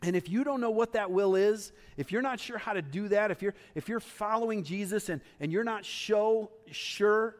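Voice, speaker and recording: A male pastor preaching a sermon in a conversational, emphatic way, with quick asides to the congregation. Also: high-pitched, big-room sound.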